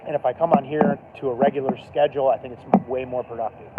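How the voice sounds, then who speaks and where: Man, mid-pitched, loose chatty live-stream vlogger on a street; thin lo-fi phone audio. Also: fairly even intonation, fast. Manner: loose, chatty, full of "like" and "dude". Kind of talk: casual rambling live stream. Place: outdoors on a downtown street, band playing nearby. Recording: tinny phone-line sound with loud street noise.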